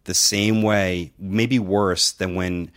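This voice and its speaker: A man's voice: deep voice, slow pace. A middle-aged man hosting a podcast, telling a long, profane story in casual chat and acting out the dialogue. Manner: profane, animated anecdote-telling with quoted dialogue. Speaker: podcast host and wrestling trainer.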